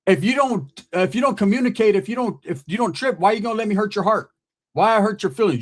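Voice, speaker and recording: High-voiced man roasting a rival. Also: animated, fairly quick. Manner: profane, taunting, street slang. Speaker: channel host. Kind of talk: mocking roast rant to camera.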